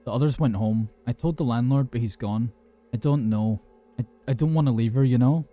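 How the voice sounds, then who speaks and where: A man's voice: medium pitch, brisk, dark tone, soft background music, natural voice. A man voicing a drunk young man who rambles, slurs and swears while reporting an attack to an emergency line. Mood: shaken. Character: drunk young British man calling for help, rattled.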